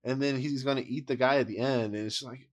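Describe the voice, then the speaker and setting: A man's voice: medium pitch, fairly even intonation, fast talker, slight background noise. A man giving a casual, blunt movie review rant, exasperated and rambling, with frequent laughs.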